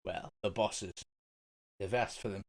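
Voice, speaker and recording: A man voicing a blunt, gruff male carnival guide with a brusque manner. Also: on the low side, steady tone, measured pace, pitched below the performer's own voice.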